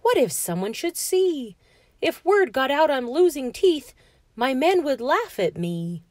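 A woman's voice: sits high, big pitch swings, a little slow, a little mellow, no echo, studio quality, pitched above the performer's own voice. A woman voicing an anxious, fretful man who keeps losing his teeth, gasping and wailing through his lines.

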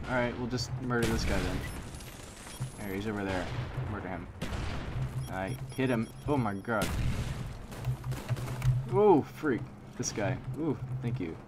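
A man giving live commentary over his own shooter gameplay, excitable and quick to exclaim and groan. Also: fairly low pitch. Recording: game gunfire noise behind voice. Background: video game gunfire and explosions.

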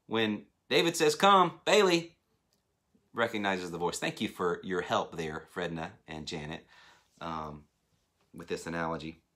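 A man in his thirties preaching a sermon as a pastor, animated and acting out voices as he speaks. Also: deep voice, moderate pace. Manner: animated, acts out phone voices. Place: church hall.

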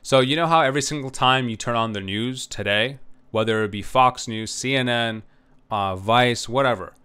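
A man's voice: mid-range voice, moderate pace, pushed and bright, clear, resonant tone. A man giving a recorded history lecture, rambling with many filler sounds and frequent "right?" checks.

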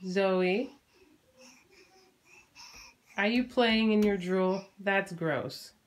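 A woman in her thirties from Canada, a homeschooling mom chatting casually to her vlog audience and talking playfully to her baby. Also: extremely slow. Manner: chatty, playful, talks to her baby in a high sing-song voice.

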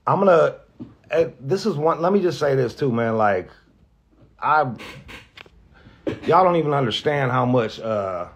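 A man, a radio host, talks candidly and off the cuff, halting and restarting often, with lots of profanity and earnest emotion. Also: medium pitch, animated, a little hiss or hum. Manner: halting, rambling, heavy profanity, frequent restarts; earnest, emotional about being grateful. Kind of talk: candid off-the-cuff vlog talk.

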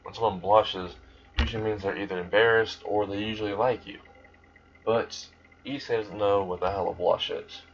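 A man's voice: lowish voice, steady tone, normal speed, vocal fry, slight background noise. A young man casually retelling a fan story, rambling and swearing freely. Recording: dull lo-fi recording.

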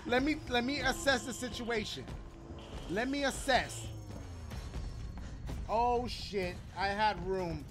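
A man playing a video game and reacting aloud, swearing and yelling at the game and chatting to his viewers. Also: very high voice, animated, slow pace, long pauses, music in the background. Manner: talks to viewers as "y'all". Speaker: gaming video host. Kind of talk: let's play commentary. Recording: loud game sounds behind voice.

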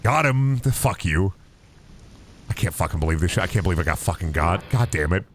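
A man with a fairly low voice and a very lively, swinging pitch chats to his live-stream audience while he plays. He swears freely and rambles excitably. Faint background noise sits under the voice. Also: a little fast. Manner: profane, excitable, talks to chat. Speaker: game streamer. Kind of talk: casual live-stream commentary.

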